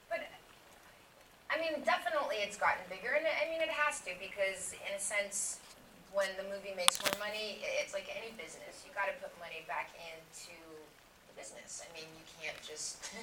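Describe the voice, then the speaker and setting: A woman speaking as the guest actress in a casual interview, chatting in an animated, storytelling way. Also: sits low. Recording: roomy, distant mic, noisy ambience.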